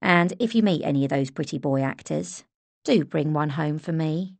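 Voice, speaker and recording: A woman's voice: low voice, lively intonation, moderate pace, creaky, a little mellow, dry recording, heavily acted. A woman reading an audiobook, voicing a friendly woman with a light, teasing manner.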